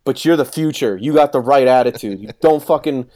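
Talking a little fast in a mid-range voice, a man in his thirties tells a boisterous story in easygoing conversation. Profanity flows freely, and he dramatizes what others said.

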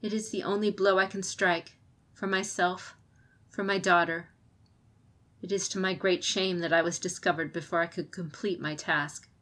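A woman voicing a grieving, ashamed noble wife who speaks softly and hesitantly in an audiobook. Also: lowish voice, steady tone, normal speed, lightly acted. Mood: sorrowful.

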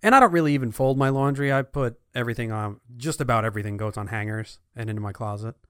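A man's voice: mid-range voice, fast, smooth, no echo, studio quality. A man co-hosting a podcast in casual chat, easygoing and chuckling, with playful voices for quotes. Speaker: podcast co-host.

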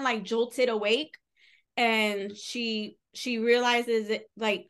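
On a book-review podcast, a female co-host casually recaps a novel's plot in a clear, resonant voice that sits on the high side and sounds a bit bright. She's chatty and rambling, swears casually, and leans heavily on "like."

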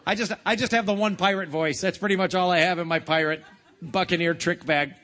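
A man's voice: high-pitched, brisk. A man playfully reading a picture book aloud to children, joking in between. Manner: playful, jokey, animated. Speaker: storybook reader for children.

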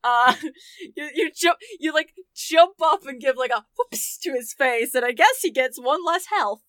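A woman's voice: sits high, lively intonation, measured pace, a bit bright, dry recording, studio quality. A woman narrating a tabletop game as game master in a loose, laughing way.

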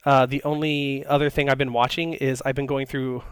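A man co-hosting a casual podcast, talking loosely with frequent fillers and restarts. His voice is smooth and resonant, sitting at a middle pitch. The recording is dry and close. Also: level tone, a little fast, no echo. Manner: rambling, many fillers and restarts. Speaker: podcast co-host. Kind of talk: casual chat.

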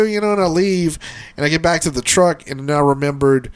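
A man's voice: sits high, steady tone, brisk, fairly bright tone, clear, resonant tone. A man co-hosting a podcast, telling a rambling work story in casual chat, swearing often and laughing as he goes, with his allergies acting up. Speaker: podcast co-host.

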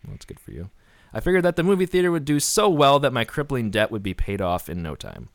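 A man hosting a comedy podcast, reading a silly ad with sarcastic deadpan asides. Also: medium pitch, fast talker, no echo, studio quality. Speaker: podcast host.

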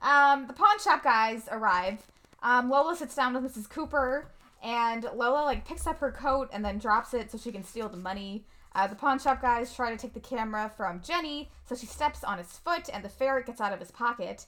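Woman, casual podcast co-host, movie recap, high voice, bright tone, chatty with lots of ums. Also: moderate pace. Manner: chatty, many "um"s, laughs often.

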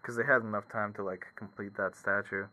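A young man with a mid-pitched, very bright voice, chatting casually with friends. He keeps things jokey and slips into silly quoted voices. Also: fairly even intonation, poor audio. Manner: jokey, does quick goofy voices when quoting. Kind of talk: casual chat.

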